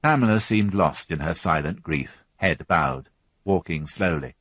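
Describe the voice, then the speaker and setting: A man narrating a crime novel as an audiobook reader, unhurried and even. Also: sits low, no room sound. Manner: even, unhurried reading with voiced characters. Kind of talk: scripted narration.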